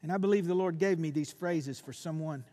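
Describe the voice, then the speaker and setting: A man preaches in a reverberant church hall. His voice sits high for a man, and he swings between loud, fiery bursts and hushed, intense moments. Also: brisk. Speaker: pastor. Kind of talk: sermon.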